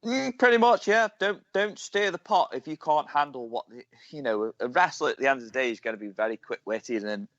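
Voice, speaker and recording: A man hosts an interview in a blunt, offhand way. His voice is mid-pitched, and it is recorded dry with dull, lo-fi sound. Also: expressive, fairly quick, few pauses, fairly bright tone, no room sound. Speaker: interview host. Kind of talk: casual interview chat.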